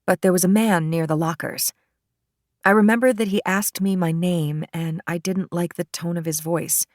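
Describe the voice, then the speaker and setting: A woman voicing a traumatized female witness giving halting testimony in an audiobook. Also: fairly low pitch, fairly even intonation, no echo, studio quality, lightly acted. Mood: shaken. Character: shaken female witness recounting an assault.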